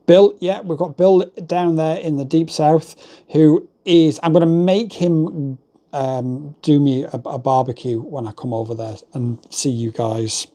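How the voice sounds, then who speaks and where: A middle-aged Englishman hosts a casual livestream into a desk microphone, rambling chattily and reading out viewer comments. His voice sits a little high and sounds warm, with fairly even intonation and a slightly slow delivery.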